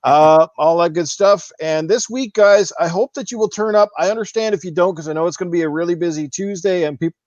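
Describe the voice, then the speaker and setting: A man chats and plugs his gaming show, his slightly high voice worn out from talking. The recording is dry and a little dull. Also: a little fast, few pauses, darkish tone, dry recording. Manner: chatty, promotional. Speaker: podcast guest and gaming show host. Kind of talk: casual podcast chat.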